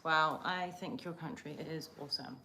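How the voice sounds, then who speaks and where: A woman's voice: sits low, normal speed, bright, forceful tone, a little hiss or hum. A young woman from Croatia hosting a casual livestream, chatting in a rambling, oversharing way. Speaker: livestream host. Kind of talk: casual live chat.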